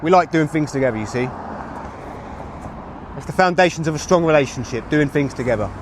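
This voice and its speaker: Guy rambling on his phone livestream outside, bit higher voice, light traffic noise. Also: lively intonation, a little fast. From England. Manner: rambling, chatty, talks to his chat. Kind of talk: live street streaming to chat. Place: outdoors on a street with traffic. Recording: street traffic noise behind.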